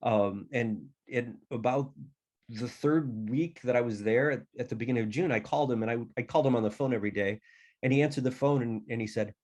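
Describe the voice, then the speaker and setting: A middle-aged man talking as an author guest, rambling through casual stories at a medium pitch. He is chatty and now and then acts out how family members sounded. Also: a little fast, darkish tone. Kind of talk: casual storytelling conversation.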